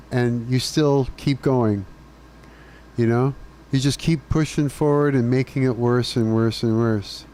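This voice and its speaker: Ranting man with a dark voice. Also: medium pitch, clean tone. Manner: ranting, profane, laughing often. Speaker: live streamer. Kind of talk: casual chat with live chat.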